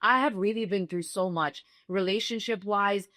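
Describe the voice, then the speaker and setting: A woman's voice: medium pitch, normal speed, a bit bright, no echo. A young woman from Dubai, a singer-songwriter guest, talking animatedly in a casual interview and repeating phrases for emphasis. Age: young adult.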